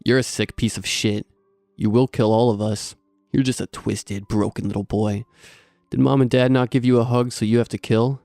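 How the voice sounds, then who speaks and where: A man voicing a furious, defiant teenage brother who shouts insults. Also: medium pitch, steady tone, moderate pace, vocal fry, dry recording, faint music behind, lightly acted.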